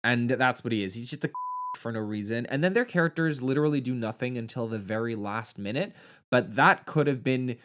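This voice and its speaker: A man's voice: mid-range voice, fairly quick, fairly bright tone. Sarcastic man doing a campy movie review. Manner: sarcastic, campy, swearing freely. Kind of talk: casual movie review commentary.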